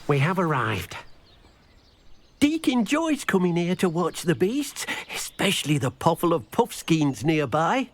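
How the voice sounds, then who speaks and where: A man's voice: on the high side, wildly swooping pitch, unhurried. An actor playing a kindly male house elf in a video game, who talks about himself in the third person. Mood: earnest.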